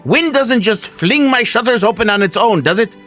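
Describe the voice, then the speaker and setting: Man voicing a feisty pint-sized cottage woman, high and shrill, tabletop game. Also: animated, normal speed, fairly bright tone, faint music behind. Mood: indignant. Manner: shrill, scolding, defiant. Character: feisty small woman cottager, indignant, scolding.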